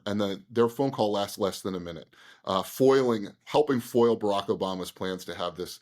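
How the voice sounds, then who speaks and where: A man, a guest on an interview show, recounting events in a conversational, animated way, with frequent fillers and quick restarts. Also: on the low side. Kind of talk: conversational storytelling.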